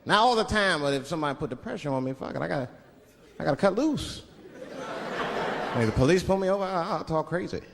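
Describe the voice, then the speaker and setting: Talking quickly with vocal fry and a slightly high voice, a male stand-up spins animated stories full of sudden voice impressions, leaving long pauses between bits. He uses a handheld mic on a large theater stage, recorded live in a reverberant hall over audience laughter.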